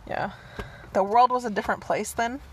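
A woman co-hosting a casual podcast, chatty, with quick asides and restarts. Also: on the high side. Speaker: podcast co-host. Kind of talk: casual chat. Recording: lo-fi podcast with faint hiss.

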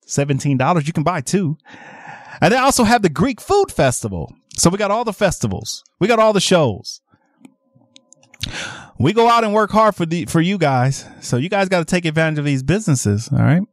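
A man hosting a radio shopping call-in show, energetic and laughing often as he pushes deals to callers. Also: a little high, fairly quick, no room sound. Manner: energetic, laughs often, animated sales patter. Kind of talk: lively radio call-in selling. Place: radio studio.

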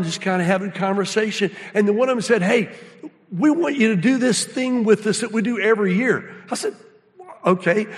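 A man preaching a sermon with a high-pitched voice, telling folksy stories with lots of animation. His voice rings with the long reverb of a large hall. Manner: animated storytelling, folksy, drops to hushed awe. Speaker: guest speaker.

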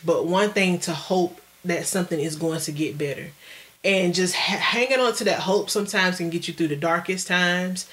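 A woman co-hosting a casual podcast, chatting in a playful, animated way and laughing often. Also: fairly low pitch. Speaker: podcast co-host. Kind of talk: casual chat.

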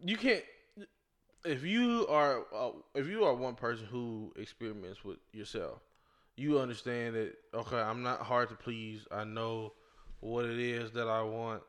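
A man's voice: medium pitch, a little slow, fairly bright tone. A man talking bluntly and animatedly in a casual chat, often repeating himself to hold the floor.

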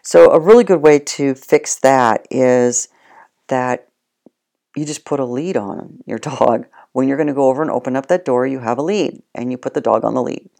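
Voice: mid-range voice, moderate pace, gravelly, darkish tone. A dog trainer giving casual spoken instruction, plain-spoken and addressing the listener directly.

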